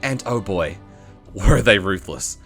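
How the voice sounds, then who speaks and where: A man's voice: deep voice, animated, slow, fairly bright tone, faint music behind. A man giving playful, joking commentary on a video game as a streamer. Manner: playful, joking, laughs often.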